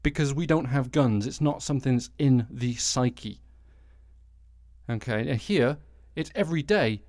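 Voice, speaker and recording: A man's voice: mid-range voice, unhurried, darkish tone, dry recording, studio quality. A British man in his forties hosting a solo podcast, ranting with exasperation and frequent swearing. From Britain. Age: 40s. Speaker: podcast host.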